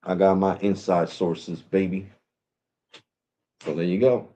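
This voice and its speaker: A man's voice: low voice, fairly even intonation, takes it slowly, dark tone. A man talking casually to his viewers about home internet from his house, in a loose, slangy, repetitive way. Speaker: tech vlogger. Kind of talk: casual talk to camera.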